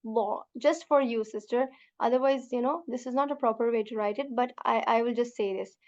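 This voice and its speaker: High-pitched lady teacher going over letter sounds slowly, repeating each one, calls students sister, kinda muffled lo-fi audio. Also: a little mellow. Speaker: Quran Arabic teacher. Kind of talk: beginner pronunciation lesson.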